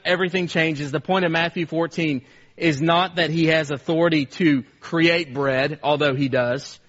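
A man's voice: a little high, a bit bright, muffled recording. A man delivering a sermon as a pastor in a church, with an earnest, repetitive preaching cadence. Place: church service.

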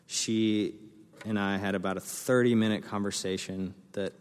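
A young man preaching a sermon as a pastor, telling a story with lively energy and acting out the voices of the people in it. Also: lowish voice, normal speed, clear, resonant tone. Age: young adult. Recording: long hall reverb.

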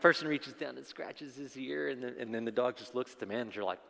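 A man's voice: medium pitch, fast talker, creaky, sharp tone, long reverb tail. A man preaching a sermon as pastor, telling a folksy joke story with self-deprecating asides before moving into the text.

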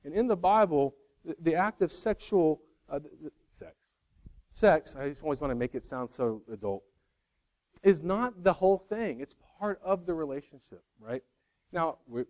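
A man's voice: on the high side, a little mellow. A middle-aged man giving a sermon, conversational with self-deprecating humor and acted-out quotes. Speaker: pastor.

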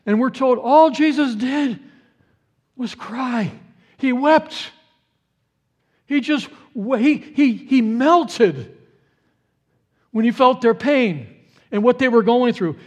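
Earnest high-voiced man preaching. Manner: earnest, repeats key phrases for emphasis; swings from hushed to rising with feeling. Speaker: pastor. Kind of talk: sermon.

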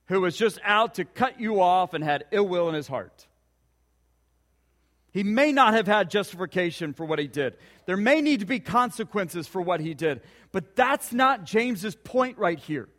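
A man with a notably high voice delivers a sermon, telling stories and pressing earnest rhetorical questions on his listeners. His voice rings out with a long reverb, as in a big hall. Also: a bit bright. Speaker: pastor.

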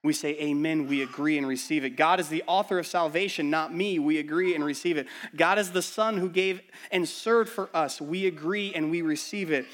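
In a church, a male pastor preaches urgently, piling up rhetorical questions and moving between hushed lines and loud ones. His voice sits on the high side, with normal speed and few pauses.

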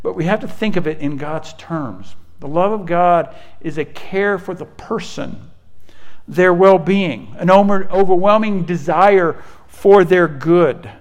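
A pastor preaching a sermon in an earnest, conversational way. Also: male voice, sits high, a little slow, dull audio.

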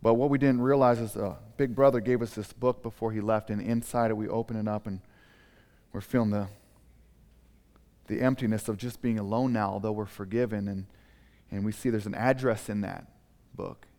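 A male preacher telling a story sermon in an animated, dramatic way. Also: on the low side, moderate pace, long reverb tail.

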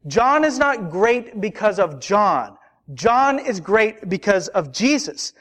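A man's voice: high voice, big pitch swings, takes it slowly, a bit bright. A man preaching a sermon as a pastor, earnest and building emphasis through repetition.

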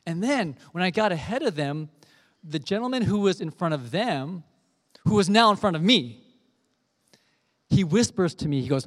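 A pastor giving an earnest sermon, telling a gentle story before turning to scripture. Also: male voice, high voice, animated, normal speed, pauses often, long reverb tail.

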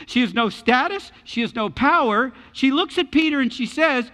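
A man preaching a sermon as pastor, animated and repeating his key words for emphasis. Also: extremely high pitch, normal speed, hardly any pauses, big-room sound.

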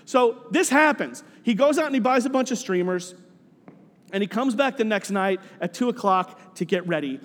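A man telling a story in a sermon, animated and voicing the people in it, often repeating words. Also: high voice, moderate pace, big-room sound.

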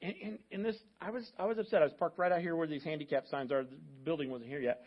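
A man's voice: fairly high pitch, fairly even intonation, fast talker, lo-fi sound. A middle-aged man, a pastor telling stories in a sermon with joking asides to his church. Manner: conversational, joking asides to the congregation. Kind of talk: storytelling sermon. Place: church sanctuary.

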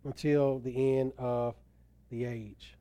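A man's voice: mid-range voice, flat delivery, slow, dark tone, clear, resonant tone, no room sound. A man preaching a sermon as pastor, quoting scripture with emphatic rises and drops. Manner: emphatic preaching, voice rising and falling for stress.

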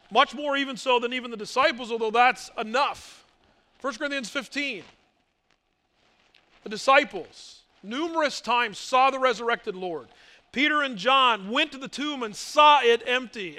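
A man's voice: very high-pitched, moderate pace, sharp tone. A male pastor preaching a sermon, emphatic, asking rhetorical questions and mimicking doubters.

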